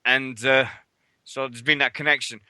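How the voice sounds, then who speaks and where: A man's voice: medium pitch, little pitch movement, normal speed, bright, forceful tone, clean tone, no room sound. A man hosting a radio show, telling stories in casual, sweary chat and acting out what others said. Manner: chatty, sweary, acts out others' lines.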